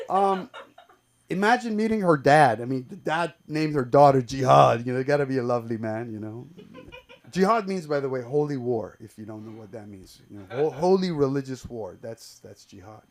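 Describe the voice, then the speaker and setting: A man on a comedy club stage working through an open mic set. His talk is profane and loose, stalling on ums and restarting sentences before landing the joke. His voice sits a touch higher than most men's. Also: expressive, normal speed, darkish tone. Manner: profane, rambling storytelling with many fillers and restarts. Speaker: stand-up comedian.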